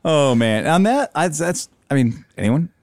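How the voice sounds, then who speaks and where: A man's voice: a little high, sing-song, a little slow, slight background noise. A man hosting a casual podcast chat, loose and rambling, swearing freely. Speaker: host. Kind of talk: casual podcast chat while tasting spirits. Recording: loud background ambience.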